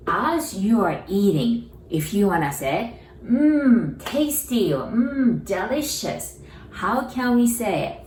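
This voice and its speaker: Lady teacher going over phrases real slow, kinda echoey like she's off from the mic. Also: sits low, recorded from a distance, a little hiss or hum. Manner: reviews with questions to the learner. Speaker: Japanese language teacher. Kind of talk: friendly lesson.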